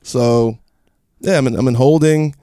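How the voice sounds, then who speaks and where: A young man telling a casual story as a podcast guest, animated, acting out quotes in a raised voice and swearing. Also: medium pitch, measured pace, clear, resonant tone, no echo, studio quality.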